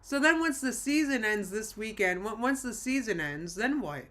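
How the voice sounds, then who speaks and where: A woman's voice: on the high side, lively intonation, moderate pace, fairly bright tone. A woman hosting a live stream in a rambling, self-interrupting casual chat, often laughing and reading chat messages aloud. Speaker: livestream host.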